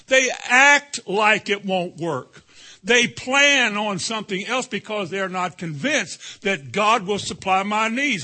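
Man preaching, high voice, husky edge, emphatic, calls for amens. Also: animated, slow pace, pushed and bright. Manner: emphatic, calls for congregation response. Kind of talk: sermon.

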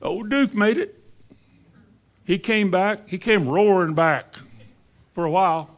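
A man's voice: high voice, slow pace. A man in his seventies preaching a conversational sermon, full of rhetorical questions and wide swings in delivery. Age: 70s.

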